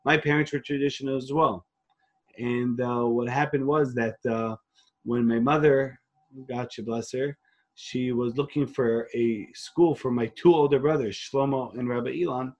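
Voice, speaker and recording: A man's voice: medium pitch, steady tone, normal speed, lo-fi sound. A man, a rabbi telling his story in an interview, earnest and full of restarts, dropping Hebrew and Yiddish phrases. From Queens, New York. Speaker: rabbi and organization leader, interview guest.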